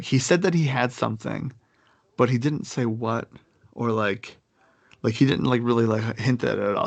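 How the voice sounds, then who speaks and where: Gravelly young man rambling through a story. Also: mid-range voice, no echo. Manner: rambling, full of fillers and restarts. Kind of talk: casual storytelling chat.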